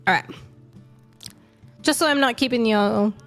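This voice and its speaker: Young female streamer reading a classic novel aloud with feeling, then chatting loosely; soft music plays behind. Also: on the high side, measured pace. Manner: expressive reader, chatty and self-amused when talking. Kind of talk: reading aloud and casual chat on a live stream.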